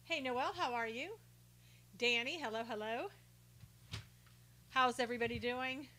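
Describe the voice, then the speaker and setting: Bright-voiced woman hosting a live stream. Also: on the high side, normal speed, a little hiss or hum. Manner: greets viewers by name, reads comments aloud; indignant about rude reporters. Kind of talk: casual chat with viewers.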